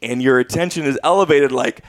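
A man's voice: mid-range voice, brisk, no room sound. A man in his thirties telling a story in casual chat, acting out what people said. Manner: animated storyteller acting out quotes.

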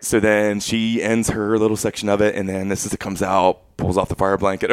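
A man's voice: lowish voice, a little fast, hardly any pauses, clean tone, no room sound. A man in his thirties telling a story in casual chat, acting out what people said. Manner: animated storyteller acting out quotes.

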